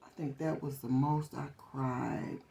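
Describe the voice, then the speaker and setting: A woman's voice: extremely low pitch, fairly even intonation, slow, gravelly. A woman reading tarot in a casual, conversational way, repeating phrases for emphasis. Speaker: tarot reader. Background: soft guitar music.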